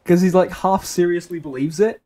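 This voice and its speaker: A man's voice: high-pitched, steady tone, brisk, dark tone. A man in his twenties streaming a game and telling a rambling anecdote in casual chat. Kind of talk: casual chat while gaming.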